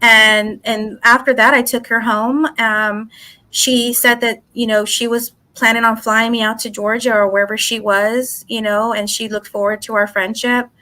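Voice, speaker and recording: A woman, a psychic guest in a casual interview, telling her story in an animated way and acting out what people said, swearing freely. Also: a little high, moderate pace.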